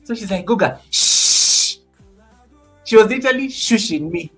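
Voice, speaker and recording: A man's voice: sits high, animated, quick pace, slightly rough, soft background music. Playful teasing man on a live stream. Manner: playful teasing, mock threats, laughs often. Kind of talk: casual live stream chat. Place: office.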